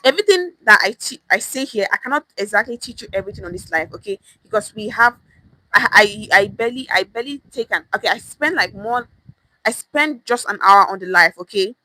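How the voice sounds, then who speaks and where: Bright-voiced woman coaching on a live stream. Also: mid-range voice, lively intonation, fairly quick, no echo, poor audio. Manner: repetitive, emphatic, frequent "okay?" check-ins. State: out of breath. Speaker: pidgin language coach.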